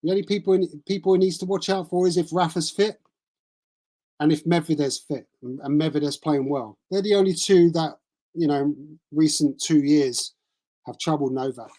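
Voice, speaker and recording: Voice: mid-range voice, normal speed, warm tone. Casual tennis streamer, mid-range voice, rambles with fillers. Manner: rambling, chatty, thinks aloud with fillers. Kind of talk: casual live-stream chat. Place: cold room at home with a small heater.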